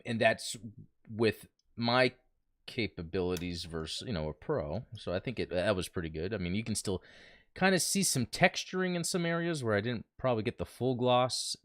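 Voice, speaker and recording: Male stream host, casual and chatty, animated pitch, dry close sound. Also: dry recording. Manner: chatty, greets viewers, thinks aloud. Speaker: livestream host. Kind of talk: casual livestream chat. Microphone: desk mic he talks into.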